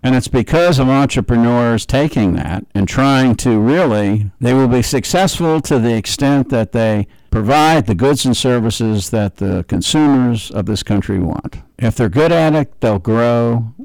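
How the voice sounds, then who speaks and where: A man's voice: medium pitch, expressive, measured pace, hardly any pauses, darkish tone, dry recording, poor audio. A middle-aged American man giving a political talk, emphatic and repeating words for stress. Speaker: speaker.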